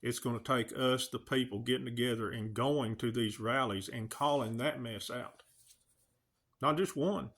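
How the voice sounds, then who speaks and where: A video channel host delivers an emotional, earnest rant straight to camera, pleading with his viewers and firing off rhetorical questions. His voice is medium-pitched and a bit bright, at a moderate pace.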